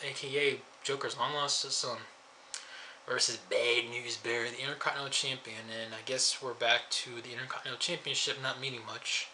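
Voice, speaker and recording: A man's voice: mid-range voice, bright, forceful tone, slight background noise. A man giving a rambling, sarcastic casual review, chuckling at his own jokes. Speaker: wrestling show reviewer.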